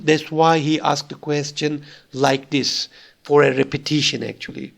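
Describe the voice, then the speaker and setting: तुर्की लहजे वाला पुरुष प्राध्यापक, हल्की खरखराहट वाली थोड़ी ऊँची आवाज़, धैर्य से समझाता हुआ।. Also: male voice, a little high, gravelly. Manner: explains patiently, switching between languages, with frequent fillers. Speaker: lecturer. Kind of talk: recorded university lecture.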